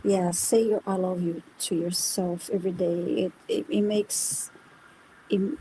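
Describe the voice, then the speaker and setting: A woman's voice: lowish voice, steady tone, unhurried, dark tone, slight background noise, poor audio. A woman guest giving a live spiritual reading, earnest and encouraging, often repeating words as she restarts a thought.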